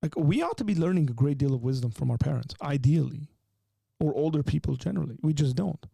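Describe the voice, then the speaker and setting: A man hosting a live call-in stream, talking in an animated, joking way as he teaches with rising emphasis. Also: on the high side, fast talker, gravelly, husky, no room sound, studio quality. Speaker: livestream host. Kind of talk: live call-in show chat.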